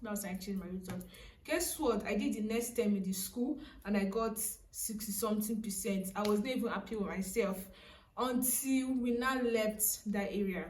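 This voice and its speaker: A young woman in her twenties with a Nigerian accent, telling a personal story casually to camera in a chatty, animated way. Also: medium pitch, moderate pace, echoey room, distant mic, a little hiss or hum. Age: young adult. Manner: chatty, animated, laughing, frequent "so, like". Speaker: vlogger.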